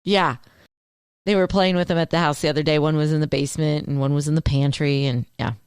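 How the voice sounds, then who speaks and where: A woman's voice: low-pitched, steady tone, fast talker, a little mellow, smooth, no room sound, clean studio sound. A woman co-hosting a radio show, trading wry, teasing quips in casual banter.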